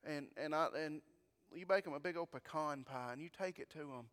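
A male pastor preaches in a clear, high voice, speaking to the congregation with folksy rhetorical questions and frequent restarts. His voice rings out with a long reverb from the church sanctuary. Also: fairly quick, fairly bright tone. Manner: conversational preaching, repeats words, rhetorical questions. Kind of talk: sermon.

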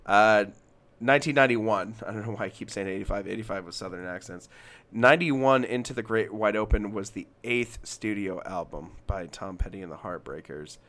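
A man's voice: on the low side, a little fast, a bit bright. A young man from Alabama, a podcast co-host in casual music chat, who rambles, reads passages aloud and restarts his sentences often.

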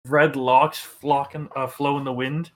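A man's voice: medium pitch, flat delivery, unhurried, a bit bright, slight background noise. A man runs a tabletop game, narrating loosely with plenty of fillers and restarts. His voice sits in a plain middle register. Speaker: game master.

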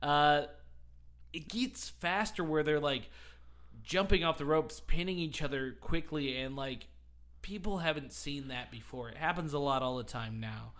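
A man's voice: on the high side, a little slow, fairly bright tone. A man on a podcast telling a wrestling story in casual chat, rambling and laughing often. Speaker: podcast host.

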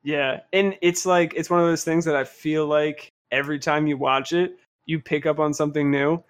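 A man's voice: a little high, fairly even intonation, moderate pace, smooth. Easygoing man chatting on a podcast. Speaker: podcast host. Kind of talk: casual chat.

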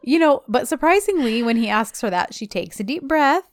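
A woman's voice: fairly high pitch, sing-song, brisk, dry recording, clean studio sound. A woman co-hosting a casual podcast, recapping a TV episode and pointing out plot holes. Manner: chatty storyteller, picks at plot holes. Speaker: podcast co-host recapping a TV series. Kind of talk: casual chat.

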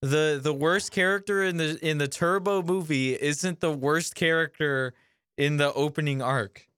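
A man with a smooth, resonant voice, pitched a little high, chats on a review podcast. He jokes in a dry way. The sound is close and dry. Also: fairly even intonation, a little slow, a bit bright, no room sound. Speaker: podcast co-host. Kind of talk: casual review chat.

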